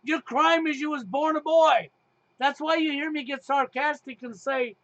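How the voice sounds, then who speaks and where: A middle-aged man hosts a heated talk show in a very high voice. He talks emphatically, with sarcasm and frequent swearing. The sound is dry, with no room echo. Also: normal speed, fairly bright tone, muffled recording. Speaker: podcast host.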